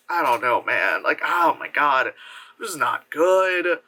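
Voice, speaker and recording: A man with a high, sharply bright voice gives a casual movie review rant. He talks in an animated, profane way and keeps breaking into mocking impressions. His pitch swings all over the place. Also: moderate pace.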